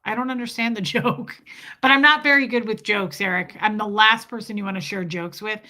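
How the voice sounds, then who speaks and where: A woman's voice: mid-range voice, steady tone, brisk, sharp tone. A middle-aged woman hosting a casual live stream, chatty and laughing as she reads viewer comments aloud. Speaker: livestream host reading chat.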